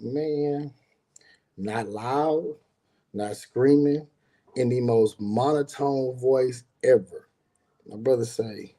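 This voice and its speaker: In casual talk, an adult man with a grown son tells a personal story in a mellow, medium-pitched voice. He speaks slowly with frequent pauses, rambles, repeats words, and acts out the people he quotes.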